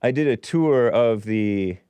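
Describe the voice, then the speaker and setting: A man's voice: mid-range voice, slow, clear, resonant tone, no room sound. A man hosting his own show, reading a news story aloud and breaking in with sarcastic asides. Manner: sarcastic asides, animated ups and downs. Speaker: host.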